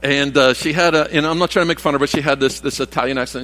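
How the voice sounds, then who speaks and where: A man's voice: fairly high pitch, steady tone, very fast, few pauses, sharp tone. Folksy older man preaching in a hall. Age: 60s. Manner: rambling, folksy, many restarts and asides. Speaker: pastor. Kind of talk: conversational sermon. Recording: long reverb of a church hall.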